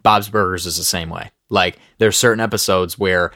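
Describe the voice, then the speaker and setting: Young man, low voice, dry close mic, heated casual ranting. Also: fairly even intonation, normal speed, sharp tone, no room sound. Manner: gets worked up and ranty, mocking voices in quotes. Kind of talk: casual chat.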